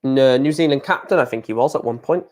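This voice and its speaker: A man's voice: mid-range voice, fast. A man, casually chatting on a live darts stream, reading out viewer comments in a blunt, frequently swearing way.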